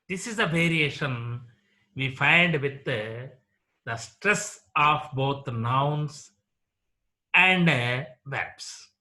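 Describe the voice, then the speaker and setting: Slow, bright-voiced Indian English lecturer. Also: male voice, medium pitch. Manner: slow, deliberate, repeats example words for drill. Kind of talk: classroom lecture on word stress.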